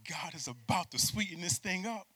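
Bright, emphatic man preaching a sermon. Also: high voice, expressive, normal speed, breathy edge. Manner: swings between hushed asides and loud emphatic peaks; calls on the congregation to repeat words.

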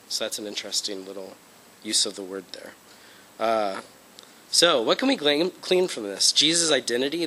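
Bright-voiced man teaching a Bible lesson. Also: medium pitch, rough recording. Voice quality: conversational, frequent fillers and check-ins. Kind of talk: informal lecture presentation.

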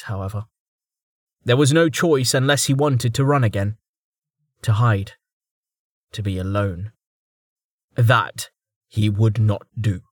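A man narrating a fantasy audiobook in a calm, measured storytelling voice. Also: fairly low pitch, no echo, clean studio sound. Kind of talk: scripted narration.

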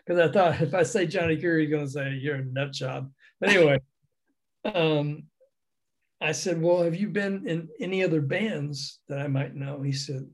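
Older man from the South, slightly high voice, a storyteller who acts out the voices in his tales. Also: moderate pace. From American South. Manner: animated, acts out the voices in his stories, laughs often. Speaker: guest recounting a music industry career. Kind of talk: anecdotal storytelling in an interview.

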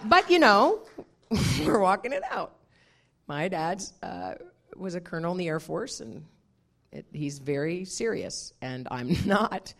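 A woman minister preaching a sermon, telling a personal story in an animated way and laughing often. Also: fairly low pitch.

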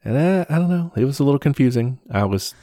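A man's voice: medium pitch, fast, no echo, clean studio sound. A man co-hosting a podcast, chatting casually about a film and explaining history with lots of "like" and "you know". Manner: relaxed, many fillers, explains history. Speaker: podcast co-host.

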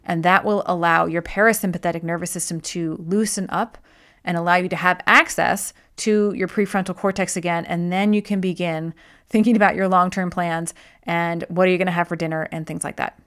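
A middle-aged woman hosting an advice talk, speaking gently and reflectively with fillers and restarts. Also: fairly low pitch, steady tone, brisk, clean tone.

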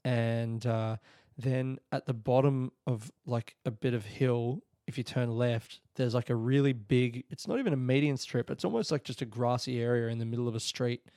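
A man's voice: medium pitch, steady tone, moderate pace, warm tone, dry recording, clean studio sound. A young man, hosting a podcast and rambling reflectively in a casual solo monologue, full of restarts. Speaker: podcast host.

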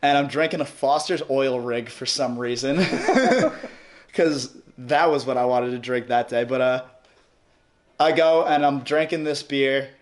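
A man's voice: medium pitch, unhurried. A young man with a New York accent telling a rowdy story in casual chat, rambling, cursing and laughing often. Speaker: podcast guest.

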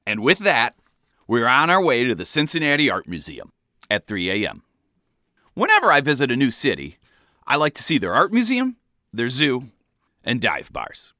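A man reading his own comic memoir aloud in a wry, deadpan storytelling manner. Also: mid-range voice, moderate pace, no room sound, clean studio sound.

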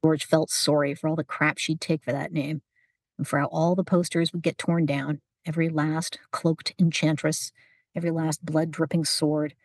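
A woman narrating a story in an even, unhurried storytelling manner. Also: low voice, no room sound, clean studio sound. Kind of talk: audiobook narration.

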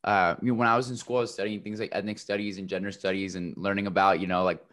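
A man's voice: sits low, flat delivery, fast, fairly bright tone. A man hosting an interview, supportive, asking long rambling questions full of fillers. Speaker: podcast host. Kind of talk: casual interview.

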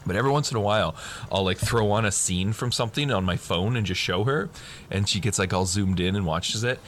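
A man's voice: on the low side, brisk, fairly bright tone, a little hiss or hum. A man in his thirties co-hosting a casual movie-review chat, laughing often and swearing freely. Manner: laughing, loose, profane storyteller. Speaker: podcast co-host.

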